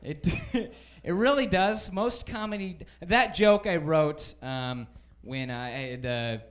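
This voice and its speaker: Self-deprecating male stand-up comic. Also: fairly high pitch. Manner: self-deprecating, halting with fillers. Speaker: stand-up comedian. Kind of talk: stand-up comedy set. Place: comedy club stage.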